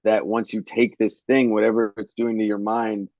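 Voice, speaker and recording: Low-voiced male comedian on a dull, dry video call. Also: flat delivery, moderate pace, darkish tone, dry recording. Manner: rambling, loose, many "like" fillers. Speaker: comedian guest. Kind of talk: casual conversational interview.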